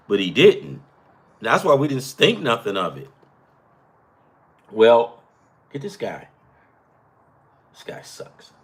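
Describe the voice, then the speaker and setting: A man's voice: mid-range voice, a bit bright, husky. A man in his thirties or forties hosting a podcast, telling a rambling work story and reacting to a football game, swearing and laughing as he goes. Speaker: podcast host. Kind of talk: casual storytelling and game commentary.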